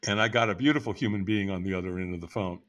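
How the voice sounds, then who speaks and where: A man in his sixties from the United States tells his life story as a podcast guest, frank and blunt, swearing casually. His voice is low and fairly bright, with fairly even intonation, and he races along.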